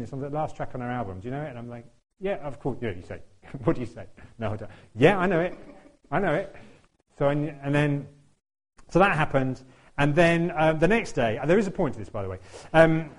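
A man telling a lively anecdote, laughing often and acting out what other people said. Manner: animated, laughs often, acts out quotes in a higher voice. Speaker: tuba player telling a story. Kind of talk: anecdotal storytelling.

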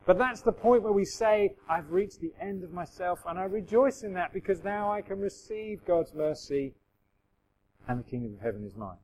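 A middle-aged man gives a relaxed, chatty sermon. His voice sits a little higher than most men's, and he slips into quoted voices with self-deprecating humour. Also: normal speed, low-quality recording. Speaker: pastor.

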